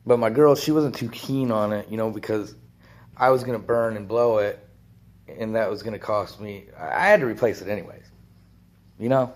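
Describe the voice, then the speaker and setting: A man's voice: fairly low pitch, moderate pace. A man telling a rambling biker story in casual talk, swearing often and laughing between lines.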